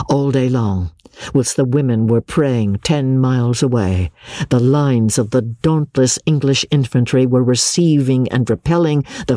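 A woman reading a classic novel aloud as an audiobook narrator, in expressive, measured storytelling. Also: very deep voice, husky, no echo, clean studio sound. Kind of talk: scripted narration.

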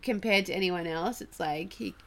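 A woman's voice: fairly low pitch, normal speed. A woman hosting a podcast, chatty and giggly, explaining pagan customs in a casual way. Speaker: podcast host.

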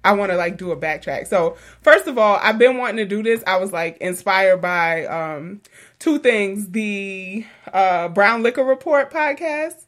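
A woman's voice: mid-range voice, expressive, unhurried. A woman hosting a casual podcast, chatty and laughing, with many fillers. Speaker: podcast host.

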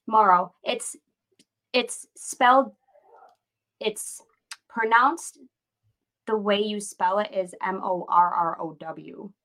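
A woman's voice: mid-range voice, fairly even intonation, slow pace, creaky, long pauses, a bit bright, low-quality recording. A woman in her late thirties, a guest entrepreneur, telling her story in a candid, rambling way. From United States. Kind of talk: casual interview storytelling.

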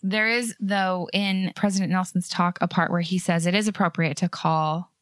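A woman hosting a podcast who talks earnestly and chattily, her voice sitting on the lower side. The sound is dry and close, with no room around it. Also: steady tone, normal speed, no room sound. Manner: earnest, chatty, with light laughs. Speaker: podcast host. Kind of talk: casual faith podcast chat.

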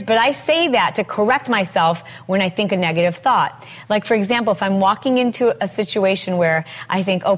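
A middle-aged woman hosting a motivational podcast, talking with energy and acting out quoted phrases in lively voices. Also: mid-range voice. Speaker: podcast host.

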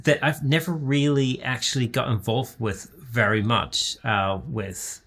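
A man's voice: mid-range voice, steady tone, a little slow, fairly bright tone. A man in casual conversation, rambling, with many restarts and fillers. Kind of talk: casual chat.

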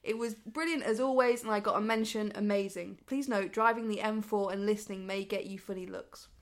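A woman's voice: medium pitch, fairly even intonation, fairly quick. A woman co-hosting a casual podcast, giggly and self-deprecating. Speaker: podcast co-host.

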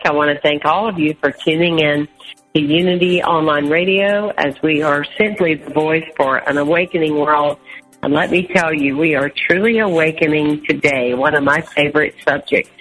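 A woman hosting an online radio talk show, leaning slowly on key phrases. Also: low-pitched, fairly bright tone, low-quality recording.

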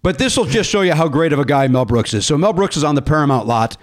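A man hosting a casual comedy podcast, his pitch sitting a bit high and swinging widely as he tells stories. He acts out the people in them with sudden raised voices. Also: fast. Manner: animated storyteller, acts out quotes in raised voices. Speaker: podcast host.

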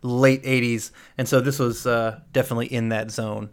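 A man hosts a podcast in a loose, conversational way, picking apart a film scene by scene. He is blunt and swears without a second thought. His voice sits in an ordinary middle pitch. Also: little pitch movement, normal speed, clean tone. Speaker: podcast host. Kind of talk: casual movie breakdown chat.

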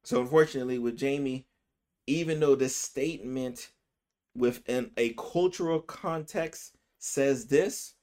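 A man physician hosts his own podcast, speaking in a mid-range voice with loose, conversational commentary. He often tosses in a quick "right?" to check in with the listener. He rushes through some phrases and drags out others to stress a word. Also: medium pitch, warm tone. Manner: speeds up and slows down to stress words. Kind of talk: casual opinion commentary.

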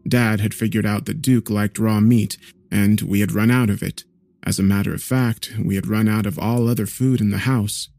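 A man narrating a horror story in a measured, somber way. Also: fairly low pitch, steady tone, vocal fry, darkish tone, no room sound.

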